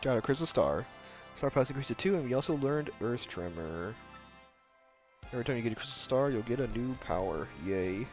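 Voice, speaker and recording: Young male streamer, lively up-and-down delivery, casual chatty commentary, faint music underneath. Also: mid-range voice, brisk. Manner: chatty, answers chat, reads dialogue aloud in voices. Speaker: streamer playing a video game.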